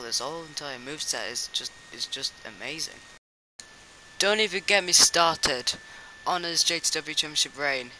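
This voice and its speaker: Young man with a very bright voice. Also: mid-range voice, a little hiss or hum, low-quality recording. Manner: rambling and excitable, with repeated restarts. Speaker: narrator of a backyard wrestling documentary. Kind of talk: casual comic voice-over narration.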